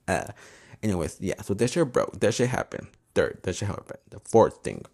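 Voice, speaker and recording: A man's voice: low-pitched, lively intonation, a little fast, a little mellow, breathy edge. A man hosting a podcast, telling a story in a chatty way with lots of swearing and Spanish words slipped in. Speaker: podcast host. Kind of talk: casual storytelling monologue.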